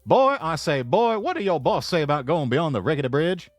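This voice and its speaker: A man doing a pompous, loud old cartoon rooster in a put-on Southern drawl, stammering "I say, boy" as he lectures. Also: on the high side, animated, brisk, no echo, soft background music, close to an everyday voice. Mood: lecturing. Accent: American Southern (put on).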